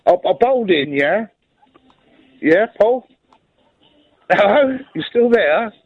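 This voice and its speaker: Brief: male regular caller, slightly high, muffled lo-fi line, rambling jokey tale. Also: expressive, slow, slightly rough, no echo. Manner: rambling, keeps checking the listener is there. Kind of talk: comic phone-in anecdote. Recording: dull lo-fi phone line.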